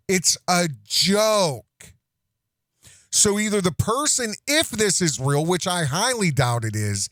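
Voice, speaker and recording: A man's voice: high-pitched, big pitch swings, slow pace, fairly bright tone, no room sound, clean studio sound. A middle-aged man hosting a reaction commentary show, mocking and sarcastic, breaking into laughs as he talks.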